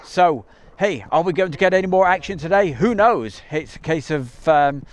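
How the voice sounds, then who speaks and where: A man's voice: fairly high pitch, animated, normal speed. A man hosting a casual live stream outdoors near an airbase, chatting in a rambling way with many ums and uhs, recorded on a camcorder mic.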